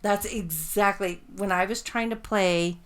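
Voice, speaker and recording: Excitable, foul-mouthed woman podcast co-host. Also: mid-range voice, a little slow. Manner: excitable, swears freely, rambling storyteller. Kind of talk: casual chat.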